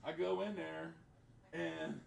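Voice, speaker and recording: A man's voice: on the high side, level tone, slow, creaky. A man who owns a game store, telling a heated story in casual chat and swearing freely. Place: shop, indoors. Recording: roomy, distant mic, faint background noise.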